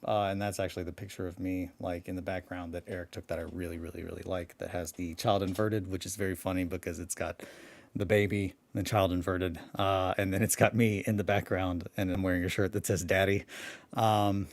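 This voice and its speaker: A man with a very deep voice, groggy from just waking up, chats in a loose, self-interrupting ramble. He swears freely and trails off mid-thought. The sound is dry and close, with no room echo. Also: level tone, a little fast, vocal fry. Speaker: hobby vlogger. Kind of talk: casual rambling chat.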